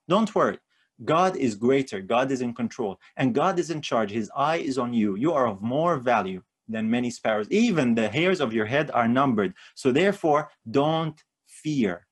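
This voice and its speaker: A man's voice: a little high, breathy edge. A man preaching a sermon in an earnest manner, lifting his voice on key phrases and often repeating words.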